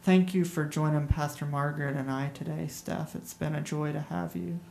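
A woman radio host closing a faith broadcast with a measured thank-you. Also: deep voice, steady tone, creaky, a little mellow. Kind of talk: broadcast sign-off. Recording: roomy echo with faint hiss.

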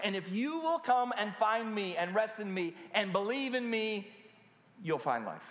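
High-voiced preacher in an echoing church. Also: male voice, very animated, a bit bright, muffled recording. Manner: dramatic, drawn-out pauses and rhetorical questions to the congregation. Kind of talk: sermon. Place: church sanctuary. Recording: echoey hall with long reverb.

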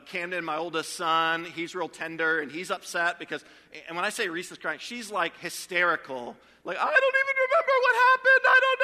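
A man's voice: a little high, bright, forceful tone, big-room sound. A man in his thirties, a pastor preaching a sermon in a conversational, storytelling way.

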